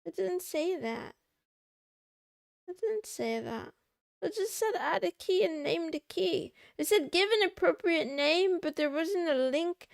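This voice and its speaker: A woman's voice: extremely high pitch, lively intonation, a little slow, creaky, no echo, clean studio sound. A young woman streamer chatting casually to her chat, playful and a bit whiny, meowing and muttering to herself. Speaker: VTuber livestreamer.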